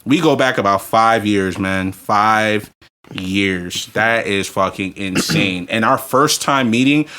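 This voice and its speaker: A man, drunk and telling crude stories on a podcast, ranting loudly with profanity and bursts of laughter. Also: on the low side, takes it slowly. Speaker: podcast co-host. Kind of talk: crude storytelling banter.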